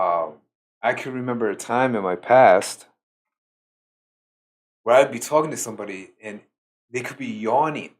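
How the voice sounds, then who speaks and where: A tired man giving a slow, reflective solo talk as a spiritual teacher, pausing often with fillers. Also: medium pitch. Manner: slow, musing, with many fillers.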